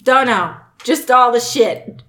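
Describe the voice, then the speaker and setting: A woman with a slightly high, somewhat bright voice speaks slowly as a podcast co-host. In a casual news recap chat, she reads out news quotes with joking asides and the odd swear word.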